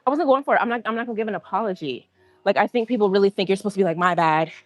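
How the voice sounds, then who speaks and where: A woman telling a story on a livestream in an indignant, animated way, acting out what people said. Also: mid-range voice, racing, no echo. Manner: indignant, animated, acts out quotes. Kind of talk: casual storytelling rant.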